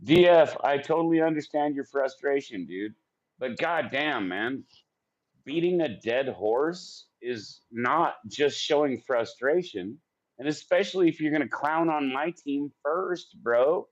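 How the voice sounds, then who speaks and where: A man's voice: fairly high pitch, animated, unhurried. Profane ranting man, lo-fi stream audio. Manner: profane, combative, ranting at chat. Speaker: sports stream host. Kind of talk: heated live-stream rant.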